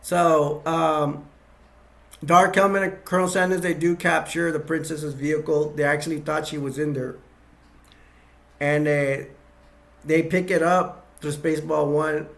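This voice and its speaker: Rambling man with a gravelly voice. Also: on the high side, steady tone, unhurried. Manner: rambling, with frequent restarts and chuckles. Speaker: video reviewer. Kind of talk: casual movie plot recap.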